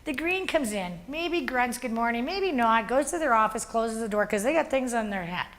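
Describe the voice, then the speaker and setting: A woman leading a workplace workshop, explaining ideas and telling animated stories to a group in a meeting room. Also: fairly high pitch, moderate pace. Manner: animated storytelling with acted-out quotes. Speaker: workshop facilitator. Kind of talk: workshop teaching.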